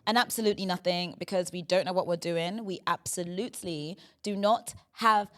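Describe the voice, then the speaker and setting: A woman's voice: lowish voice, steady tone, normal speed, fairly bright tone. Playful woman hosting a comedy podcast. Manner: playful, leans on "do you know what I mean". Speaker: podcast host. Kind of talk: casual comedy podcast chat.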